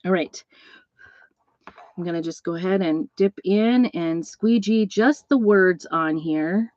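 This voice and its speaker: A middle-aged woman who sells crafts hosts a live demo, chatting and meandering through stories while working by hand. Her lowish voice is slightly mellow, and the lo-fi recording has no echo.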